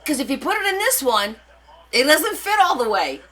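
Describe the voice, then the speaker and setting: A woman's voice: high voice, big pitch swings, moderate pace, fairly bright tone, poor audio. A woman hosting a live craft stream, chatting casually with her viewers and answering their comments as she demonstrates. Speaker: craft livestream host.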